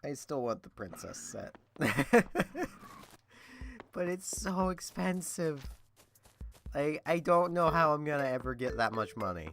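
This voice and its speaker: Bright chatty young man. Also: mid-range voice, big pitch swings, moderate pace, a little hiss or hum. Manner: chatty, rambling, laughs often. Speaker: let's-player. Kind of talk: casual gameplay commentary.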